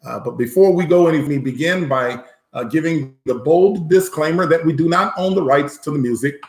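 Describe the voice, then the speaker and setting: A man's voice: a little high, normal speed, darkish tone. A man, a pastor, preaching and leading a congregation in sung praise with call-and-response. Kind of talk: sermon with singing. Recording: echoey room with music behind. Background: worship music.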